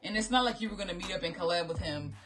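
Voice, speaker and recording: A woman's voice: lowish voice, rapid-fire, music in the background. A woman hosting a reaction video, talking bluntly and with lots of profanity, and breaking into mocking impressions. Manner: blunt, profane, animated, mock-imitating voices. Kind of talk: casual reaction commentary. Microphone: phone.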